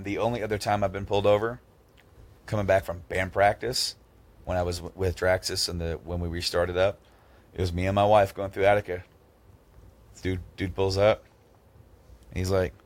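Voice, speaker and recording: A man's voice: low voice, level tone, fairly quick, pauses often. A man in his thirties hosting a podcast, telling a story in casual chat and acting out both sides with raised voices. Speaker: podcast host.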